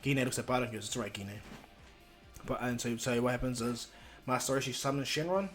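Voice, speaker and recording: A man's voice: mid-range voice, fairly even intonation, fast talker, fairly bright tone, faint music behind. A man narrating a fan-made story casually, rambling with many ums and restarts.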